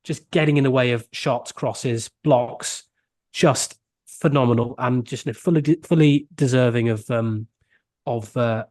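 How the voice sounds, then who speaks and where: A man's voice: medium pitch, a little slow, darkish tone, no echo. A man talks through a football match on a podcast in an earnest, analytical way and leans on many fillers. His voice sits mid-range. The recording is dry and close, with no room sound. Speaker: podcast co-host. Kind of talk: casual football podcast chat.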